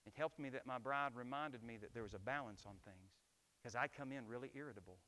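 A man's voice: medium pitch, fairly quick, sharp tone. A middle-aged man preaching a sermon as pastor, emphatic and asking the congregation rhetorical questions.

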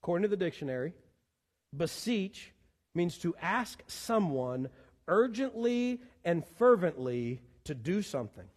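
A pastor, preaching a sermon in animated style with pleading repetitions. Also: male voice, sits high, unhurried. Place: church sanctuary. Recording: long church hall reverb.

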